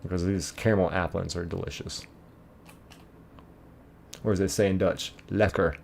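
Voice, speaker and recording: A man's voice: sits low, fairly even intonation, moderate pace, vocal fry, darkish tone, slight background noise. A man streaming a game, casually reading chat messages aloud, laid-back and chuckling.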